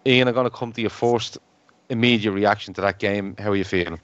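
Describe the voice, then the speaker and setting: A low-voiced man hosts a laid-back football podcast, swearing and ribbing his mates. The sound is dry and muffled, like a lo-fi home recording. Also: fairly even intonation, fairly quick, a bit bright, clear, resonant tone, no room sound. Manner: swears freely, teasing the guests. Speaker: podcast host. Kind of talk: casual football podcast chat.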